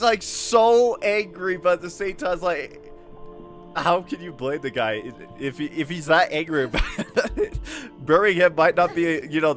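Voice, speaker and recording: A man's voice: a little high, fairly bright tone. A man from the United Kingdom giving casual, chatty gameplay commentary, easily amused and laughing often. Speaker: gaming video host.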